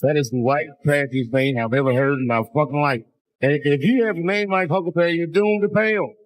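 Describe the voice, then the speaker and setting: A man in his fifties doing a stand-up comedy routine, telling stories in an animated, punchy way. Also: fairly high pitch, fairly quick. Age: 50s.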